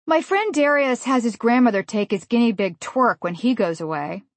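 A woman's voice: fairly high pitch, expressive, moderate pace, no room sound, lightly acted. A woman voicing a stubborn young girl who pleads in a matter-of-fact way. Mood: insistent.

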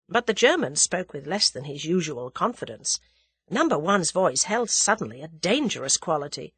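Woman audiobook reader, lowish voice, dry close sound. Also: big pitch swings, moderate pace, a bit bright, breathy edge, dry recording. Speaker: audiobook narrator. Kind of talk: scripted narration.

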